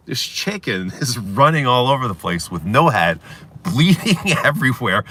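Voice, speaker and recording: Canadian male streamer, deep but bright voice, animated and laughing as he tells stories. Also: moderate pace, gravelly. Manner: animated, laughing often, swearing, acting out shouts. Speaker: livestream host. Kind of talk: casual storytelling chat.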